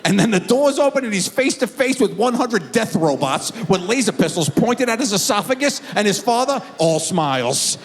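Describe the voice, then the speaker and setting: A middle-aged man performing a stand-up comedy routine, telling a story with animated delivery and acted-out voices. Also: sits high, moderate pace, hardly any pauses, long reverb tail.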